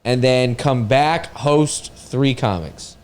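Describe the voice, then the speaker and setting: A man's voice: medium pitch, takes it slowly. A man hosting a casual chat with fellow comedians, rambling and repeating words as he thinks aloud. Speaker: podcast host.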